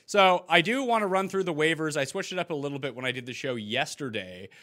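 A man hosting a fantasy football podcast, energetic and joking, with emphatic delivery. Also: fairly high pitch, quick pace. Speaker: podcast host.

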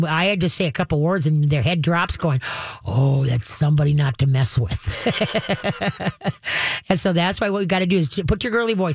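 On a dog-training call-in radio show, the female host, whose pitch is fairly low, gives advice in a chatty, laughing way and frequently does voices. She speaks into a studio microphone in a radio studio, with no room sound.

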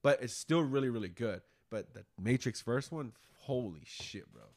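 Animated swearing man chatting. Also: medium pitch, normal speed. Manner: animated, swearing, rambling movie opinions. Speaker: podcast co-host. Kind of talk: casual chat.

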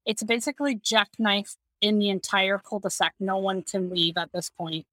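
A woman guest on a podcast who tells a story in an animated way and laughs as she talks. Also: mid-range voice, moderate pace, dry recording. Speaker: podcast guest, communications manager. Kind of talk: conversational storytelling.

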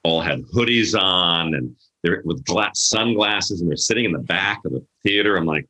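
A man's voice: low-pitched, animated, moderate pace, few pauses, bright, forceful tone. A middle-aged man, an event planner, telling stories in a casual interview and acting out the voices of people he quotes. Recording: echoey room.

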